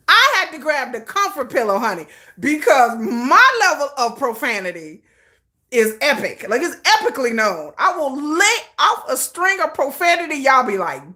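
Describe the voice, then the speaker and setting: A woman's voice: high-pitched, big pitch swings, measured pace, bright, forceful tone. A middle-aged woman hosting a casual livestream, talking animatedly with chat, laughing often and swearing freely. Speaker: livestream host.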